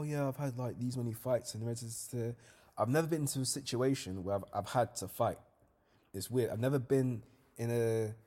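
A young man hosting a solo podcast, talking in a casual, slangy way. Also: mid-range voice. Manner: casual slangy storytelling, lively when reliving events. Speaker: podcast host.

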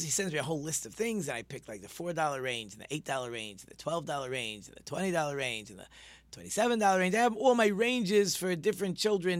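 Male rabbi host, a bit high, dry, enthusiastic, rambling storyteller. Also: a bit bright, no echo. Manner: chatty, rambling anecdotal storytelling with fillers. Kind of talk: casual radio-style talk show.

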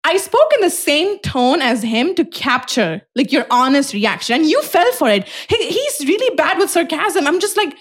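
A woman co-hosting a podcast, telling a story in a casual, animated way, swearing and laughing often. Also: sits high, normal speed, hardly any pauses. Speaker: podcast co-host. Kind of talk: casual chat.

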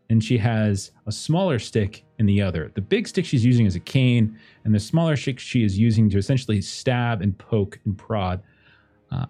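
A man narrating scenes as game master of a tabletop game in a relaxed, descriptive way. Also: on the low side.

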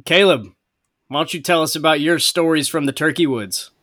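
A man hosting a podcast, chatting casually and excitably, swearing now and then. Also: on the high side, moderate pace, dry recording, clean studio sound. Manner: excitable, swears, laughs at himself. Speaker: podcast host. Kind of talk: casual chat.

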